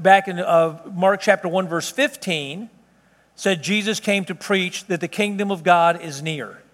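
A male pastor preaches in a loose, folksy way, breaking off into chatty asides. His voice sits high for a man. The sound rings with the long reverb of a large hall. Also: fairly bright tone. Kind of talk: sermon.

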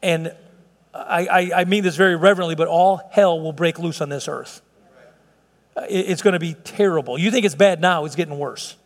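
Earnest preacher man, high voice, hall reverb. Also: normal speed. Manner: earnest, conversational preaching with frequent restarts and chuckles. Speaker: pastor. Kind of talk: sermon.

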